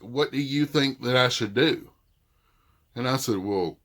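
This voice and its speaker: A man's voice: mid-range voice, measured pace, fairly bright tone. A middle-aged man with a thick Southern accent, casually retelling a dispute and quoting what each side said. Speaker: vlogger. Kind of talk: casual storytelling.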